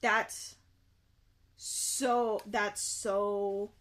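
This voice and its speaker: A young woman streaming herself reading a book aloud and reacting, animated and quick to exclaim and repeat herself. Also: mid-range voice.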